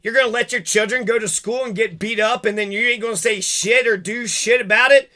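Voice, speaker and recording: A man's voice: high-pitched, steady tone, a little fast, sharp tone. A man delivering a heated, profane rant, cursing and jumping from one grievance to the next.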